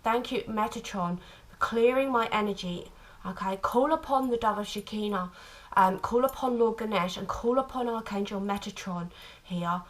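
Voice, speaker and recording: A woman giving an intuitive tarot reading to camera, speaking tenderly and haltingly, with frequent restarts. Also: medium pitch, poor audio. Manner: tender, calls listener "my lovely"; halting, many restarts and fillers. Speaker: tarot reader.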